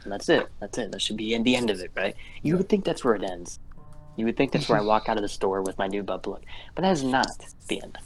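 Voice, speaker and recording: A man's voice: lowish voice, animated, fast talker, faint music behind, low-quality recording. A man co-hosting a casual podcast, telling a long story in a rambling, profane way and checking in with "right?" after each beat. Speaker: podcast co-host. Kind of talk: casual chat.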